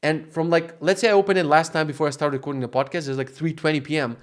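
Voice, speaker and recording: A man's voice: on the high side, fairly even intonation, fast talker. A man in his thirties with an Eastern European accent, hosting a casual solo podcast, rambling and swearing, often breaking off mid-sentence. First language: Macedonian. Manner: rambling, profane, self-interrupting. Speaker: podcast host.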